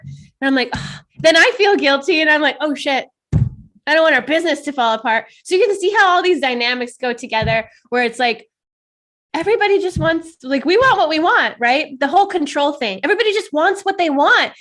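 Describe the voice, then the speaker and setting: A woman co-hosting a casual chat, animated and quick to laugh, acting out quoted dialogue and swearing casually. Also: high-pitched. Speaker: podcast co-host.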